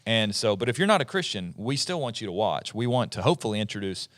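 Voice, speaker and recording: A man in his forties with a lowish voice hosts a relaxed podcast talk, and he explains things in a chatty way. The recording is close and dry, with no room sound. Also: quick pace, no echo. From eastern United States. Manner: chatty, explanatory, with frequent restarts. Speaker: podcast host. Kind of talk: casual podcast discussion.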